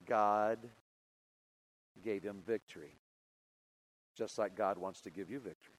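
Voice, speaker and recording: A middle-aged man preaching a sermon, telling stories with big swings between loud and soft. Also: fairly low pitch, unhurried, rough recording. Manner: animated storytelling with big swings in loudness.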